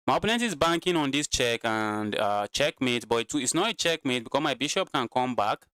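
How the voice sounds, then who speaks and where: Tired guy commentating his chess stream, smooth voice, says stuff twice, dry close mic. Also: medium pitch, expressive, a little fast, a bit bright, dry recording. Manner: repeats himself, talks to chat.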